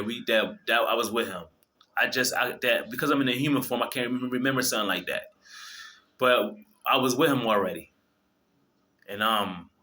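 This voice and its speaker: Man, fervent religious monologue, bright forceful voice, swears a lot, frequent restarts. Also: medium pitch. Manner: fervent, preachy, profane, many restarts. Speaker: video host.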